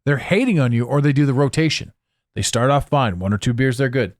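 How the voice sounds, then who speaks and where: A man's voice: mid-range voice, fairly quick, darkish tone, dry recording, studio quality. A man hosting a podcast, talking in a blunt, profane, casual monologue. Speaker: podcast host.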